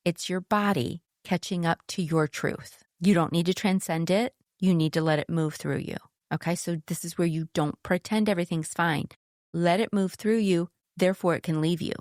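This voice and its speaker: A woman's voice: fairly low pitch, darkish tone, dry recording, clean studio sound. A middle-aged woman hosting a solo podcast, talking candidly and conversationally about spiritual growth, with a casual swear here and there. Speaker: podcast host.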